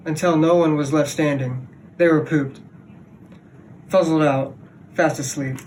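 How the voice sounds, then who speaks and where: A young man on a sports team reading a children's picture book aloud in a plain, steady way. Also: fairly high pitch, measured pace, recorded from a distance, slight background noise, low-quality recording. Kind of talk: storybook read-aloud.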